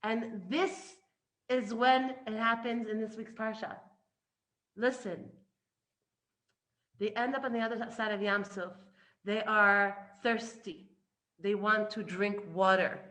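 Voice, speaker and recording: A woman giving an animated spiritual lesson, emphatic and full of restarts, swinging between loud and hushed. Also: medium pitch, slow pace, pauses often. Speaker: Torah teacher.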